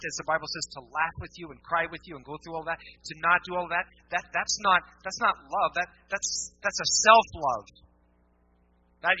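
Man, pastor, casual animated sermon, slightly high voice, muffled church recording. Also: dry recording. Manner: animated, conversational preaching with mock voices.

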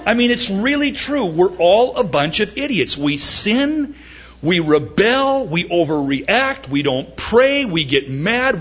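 A man preaching a sermon, quoting dramatically and joking wryly between slow emphatic points. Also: sits high, muffled recording. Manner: animated, dramatic quoting with mock-wailing and wry humor. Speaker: pastor.

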